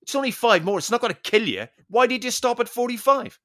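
A man's voice: very high voice, animated, fast talker, sharp tone, pitched above the performer's own voice, full character voice. A man imitating a bossy, condescending male fitness instructor who barks orders and lectures the class. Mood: scolding.

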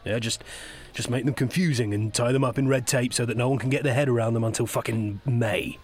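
An actor playing a flustered, defensive football club chief executive. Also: male voice, mid-range voice, fairly even intonation, a little fast, a little mellow, a little hiss or hum, close to an everyday voice. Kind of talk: comedic audio drama acting.

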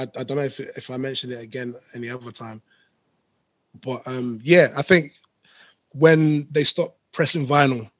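A man's voice: medium pitch, breathy edge, no room sound. A man, a guest DJ, telling rambling stories in a laid-back podcast chat. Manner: rambling, laid-back storytelling with London slang.

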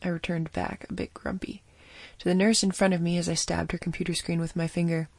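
A woman's voice: fairly low pitch, little pitch movement, fairly quick, darkish tone, no echo. A woman reading a scripted first-person audio drama as narrator, with a wry storytelling manner.

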